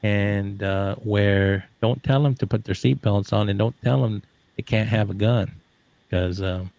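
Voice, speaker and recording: A man's voice: fairly low pitch, steady tone, unhurried, gravelly, darkish tone, no room sound. A middle-aged man in a casual online audio chat, telling a rambling, joking story full of fillers and trailing asides. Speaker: social audio room participant.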